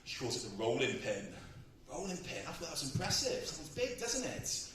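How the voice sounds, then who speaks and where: Man, stand-up comic, bawdy, animated voice, a bit distant from the mic. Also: a little high, moderate pace. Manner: bawdy, self-mocking, laughing at his own jokes. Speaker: stand-up comedian. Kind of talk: stand-up set. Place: comedy club on stage. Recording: echoey club with crowd, from far off. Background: audience laughing.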